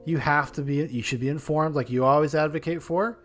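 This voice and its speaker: Male podcast co-host, plain middle voice, opinionated and blunt, soft music bed. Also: on the high side, steady tone, brisk. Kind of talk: casual podcast chat.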